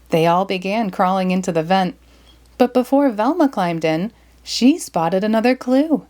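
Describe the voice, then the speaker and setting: A woman reading a children's storybook aloud in a lively, expressive way. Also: medium pitch, moderate pace. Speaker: storybook reader. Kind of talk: children's read-aloud narration.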